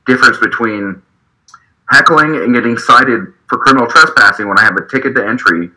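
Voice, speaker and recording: A fired-up man from Utah recounting how he heckles politicians, swearing freely and restarting his sentences as the words tumble out. His voice is strikingly bright and forceful, and it comes over a video call. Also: medium pitch, fairly quick, low-quality recording. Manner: profane, heated storytelling with frequent restarts. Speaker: activist guest, state party delegate.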